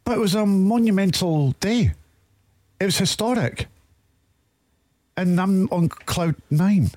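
A man's voice: high-pitched, a little mellow. A Scottish man co-hosting a football podcast, telling long stories in a chatty, rambling way. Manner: chatty storyteller, drawn-out retelling. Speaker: podcast co-host. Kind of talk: casual chat.

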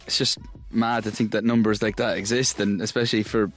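A young Irish man, a guest singer in a casual radio interview, relaxed and self-deprecating, laughing easily. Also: on the low side, fairly quick, faint music behind. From Ireland.

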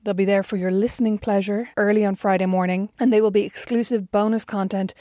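An Irish woman in her thirties hosting a podcast in easy, chatty talk, poking fun at herself as she goes. Her voice sits at an ordinary middle pitch and sounds close and dry, with no room around it. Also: steady tone, fairly quick, warm tone, dry recording. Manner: chatty and self-mocking. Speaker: podcast co-host. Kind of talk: casual chat.

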